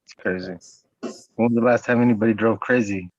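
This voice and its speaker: A man from the US West Coast talking in a quick, profane, casual chat, a little away from the mic. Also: lowish voice, fairly even intonation, muffled recording, a little hiss or hum.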